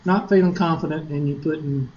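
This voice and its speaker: A man with a South Carolina Southern accent teaches a math class, joking and wandering off topic, often tossing rhetorical questions at his students. His voice sits a little high for a man. The classroom recording is dull and lo-fi, with a faint hiss underneath. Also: steady tone, a little fast. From Upstate South Carolina, US. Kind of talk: classroom lecture with digressions.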